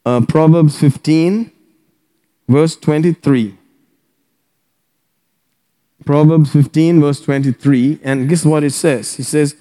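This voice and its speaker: A man preaching a sermon as pastor, exuberant, breaking into loud laughter and whoops. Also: a little high, steady tone, slow, pauses often, long reverb tail.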